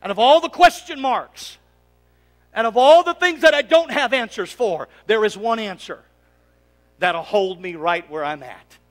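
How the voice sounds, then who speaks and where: A male pastor preaching a sermon, asking his congregation to answer back and swinging from loud emphatic lines to quiet asides. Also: sits high, lively intonation, a little slow. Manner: preaching, calling for congregation responses. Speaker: lead pastor. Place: church sanctuary. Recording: long reverb of a church sanctuary.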